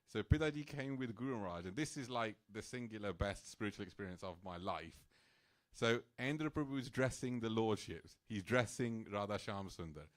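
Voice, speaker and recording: He's a man with a voice on the low side and a brisk delivery, telling a personal story at a temple program. The telling is casual and animated, sprinkled with "like" and little laughs.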